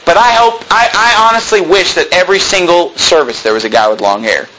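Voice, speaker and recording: A man's voice: high-pitched, expressive, a little fast, bright, forceful tone, a little hiss or hum, low-quality recording. A male pastor delivering a sermon in a plain-spoken, emphatic way, full of rhetorical questions.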